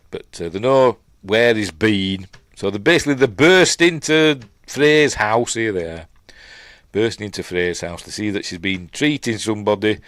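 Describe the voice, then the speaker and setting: A man's voice: lowish voice, no room sound. A middle-aged man with a Yorkshire accent, casually recapping and reviewing a film in a rambling, chatty way full of fillers and asides.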